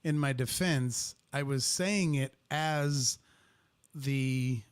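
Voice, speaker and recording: A man co-hosting a podcast in a casual chat, explaining himself earnestly and in halting phrases. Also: medium pitch, clean tone.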